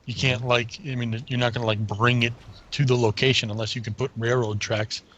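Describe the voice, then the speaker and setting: A man's voice: medium pitch, little pitch movement, a little fast, fairly bright tone. Man chiming in on dull audio. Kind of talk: casual chat.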